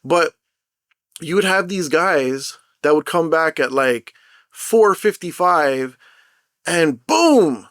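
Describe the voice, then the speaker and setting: A man's voice: a little high, slow, dry recording, clean studio sound. Rambling, profane young man ranting. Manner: rambling, profane, animated storytelling. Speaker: mobile game content creator. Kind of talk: unscripted vlog rant.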